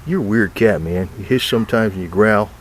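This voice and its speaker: A man's voice: fairly low pitch, a little fast, slight background noise. Rambling man coaxing his cats. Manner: coaxing pet talk mixed with rambling asides and casual swearing. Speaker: cat owner filming his cats. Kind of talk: casual rambling monologue.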